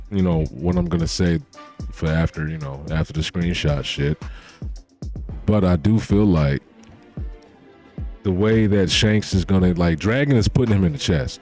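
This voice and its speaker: A man streaming a casual live reaction to a manga chapter, talking in a slangy, profane and excitable way. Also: low voice.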